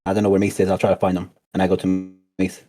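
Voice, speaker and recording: A man playing in a tabletop game, talking in a halting, unsure way. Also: deep voice, completely flat delivery, over music. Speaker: player. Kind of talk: tabletop role-play chat.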